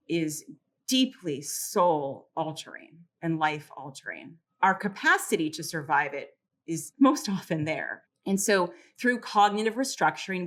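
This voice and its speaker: A middle-aged woman psychologist explaining coping tools calmly and clearly in a podcast interview. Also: lowish voice. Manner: calm, measured, teacherly explanations. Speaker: psychologist and caregiver clinic founder.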